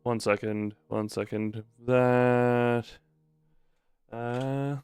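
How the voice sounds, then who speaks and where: A man's voice: medium pitch, expressive, moderate pace. A man chatting casually on a stream, rambling and self-deprecating, into a desk microphone at home. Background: soft background music.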